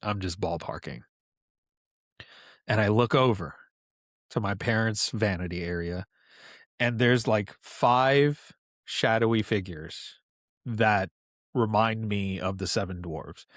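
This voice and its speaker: A man in his thirties from New York, a podcast guest telling personal stories in a relaxed, conversational way with asides. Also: lowish voice, takes it slowly, long pauses, no room sound, clean studio sound. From New York, USA. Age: 30s. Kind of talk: casual storytelling.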